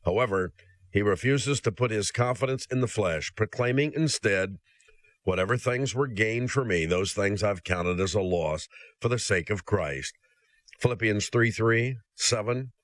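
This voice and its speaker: A man's voice: lowish voice, unhurried, dry recording. A male preacher delivering a sermon, speaking earnestly and directly to the listener.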